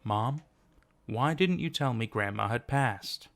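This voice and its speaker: A distraught young woman in a storybook horror tale, pleading and insistent, as a male narrator reads her lines. The voice sits at an ordinary middle pitch with a gravelly, creaky edge. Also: lively intonation, slow pace, a bit bright. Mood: tense. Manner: pleading, shaken.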